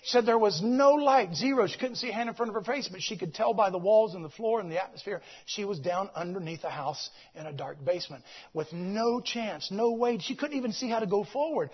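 A man preaching, moving from shouted exclamations to hushed storytelling and repeating his phrases. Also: sits high, lively intonation, a little fast, slightly rough, lo-fi sound. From United States. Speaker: visiting preacher. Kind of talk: sermon storytelling.

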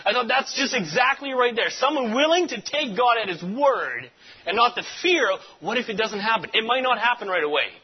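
A male preacher telling a story in a sermon, animated and punctuated with amens. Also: very high-pitched, husky, lo-fi sound. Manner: animated storyteller, repeats amen.

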